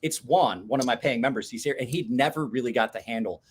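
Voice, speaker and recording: A loud man telling rambling, profane stories in a casual chat, recorded in his home garage. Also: medium pitch, fast, a little hiss or hum. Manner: loud, swears a lot, animated storyteller. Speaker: host.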